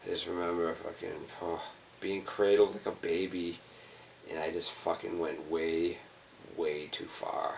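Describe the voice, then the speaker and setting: A man's voice: low voice, moderate pace, creaky, recorded from a distance, a little hiss or hum. An exhausted man rambling in a loose, profane way, with lots of fillers. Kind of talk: rambling personal video monologue.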